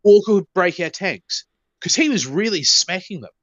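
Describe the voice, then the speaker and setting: A man's voice: sits high, lively intonation, moderate pace, a bit bright, no room sound, lo-fi sound. A man, co-hosting a podcast and telling profane stories in casual banter. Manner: profane storytelling. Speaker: podcast co-host. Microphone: podcast mic.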